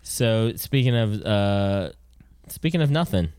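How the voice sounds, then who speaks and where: A man's voice: on the low side, animated, takes it slowly, darkish tone, smooth, no echo. A man co-hosting a podcast, talking casually in a dry, hesitant way with many fillers. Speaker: podcast co-host.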